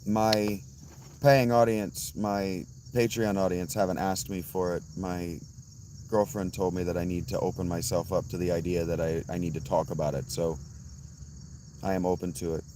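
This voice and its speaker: A hoarse man hosting a casual livestream, answering chat bluntly and calling out viewers by name. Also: low voice, level tone, normal speed, dark tone, a little hiss or hum. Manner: blunt, swears, addresses chatters by name. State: hoarse, worn-out voice. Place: outdoors at night with insects.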